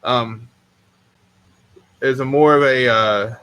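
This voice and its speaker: A man's voice: medium pitch, fairly even intonation, takes it slowly, a bit bright, smooth. A man hosting a podcast, telling stories in a casual, rambling, self-mocking way and swearing freely. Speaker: podcast host.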